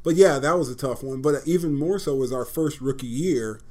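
A former pro football player telling stories in a casual interview, acting out what others said. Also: male voice, medium pitch, a little fast. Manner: animated anecdotes, acts out quoted voices.

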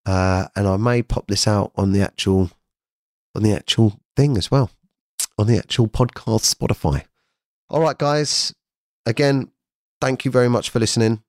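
Man, low-pitched, frank rambling podcast talk from home, dry close sound. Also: normal speed, long pauses, dry recording. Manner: frank, rambling, swears freely. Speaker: podcast host. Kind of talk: unscripted solo podcast talk.

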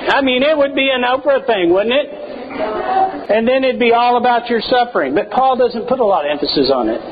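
A high-voiced man preaching earnestly, asking his listeners rhetorical questions and dropping from soaring lines to hushed ones. The recording is dull and lo-fi with a faint hiss behind him. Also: lively intonation, fairly quick, crowd noise. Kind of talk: sermon.

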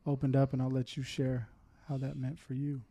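In a casual chat, a man shares a heartfelt personal testimony in a mellow, dark voice. His pitch stays flat and steady, and he pauses with fillers while holding back tears.

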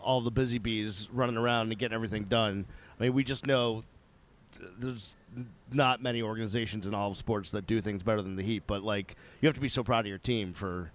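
A man's voice: on the low side, steady tone, fairly quick. A man co-hosting a radio show, easygoing and admiring in his questions. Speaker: co-host. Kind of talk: casual radio chat.

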